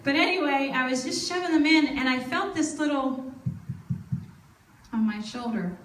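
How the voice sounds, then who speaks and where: A woman's voice: sits high, moderate pace, a bit bright, slight background noise. A woman telling a personal faith story at a church service, acting out the dialogue as she goes. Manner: storytelling, acts out her own past dialogue. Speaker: gospel singer and speaker. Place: fairground event, outdoors. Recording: echoey from far off.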